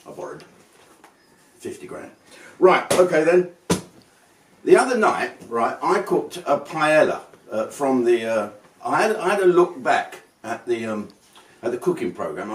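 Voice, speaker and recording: A man's voice: medium pitch, expressive, normal speed. A man hosting his own show with a rambling, sweary, mock-outraged comic monologue. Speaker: host. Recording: roomy sound from a distance.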